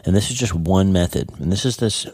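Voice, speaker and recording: A man with a very low, mellow voice teaches a Bible study method in a relaxed, chatty way. He often stops to check in with "okay?" and "right?". The recording is close and dry, with no room sound. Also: brisk, dry recording. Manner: conversational, repeats words and checks in with "okay?" and "right?". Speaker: podcast host and Bible teacher. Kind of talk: casual devotional teaching.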